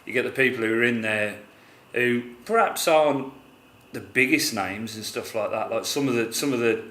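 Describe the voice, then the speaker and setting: Bright-voiced man musing in casual chat. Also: mid-range voice, normal speed. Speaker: co-reviewer. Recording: echoey room with faint noise.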